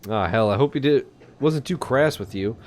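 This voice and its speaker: A man's voice: mid-range voice, expressive, normal speed, a little mellow, lightly acted. A man voicing a jovial middle-aged male biker who runs a record shop, speaking with a put-on French accent.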